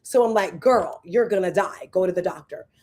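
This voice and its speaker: A woman in her fifties hosting a show as a fitness coach, chatting casually and telling animated stories to her viewers. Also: lowish voice, moderate pace. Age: 50s. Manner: animated storyteller, acts out voices and exclamations.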